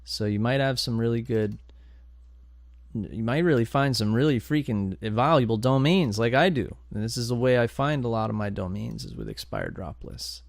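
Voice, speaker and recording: A man hosting a domain investing channel, talking through a live screen-share tutorial in an excitable, chatty way, thinking aloud as he goes. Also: medium pitch, normal speed, vocal fry, no echo, clean studio sound. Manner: excitable and chatty, bursts of enthusiasm and groans.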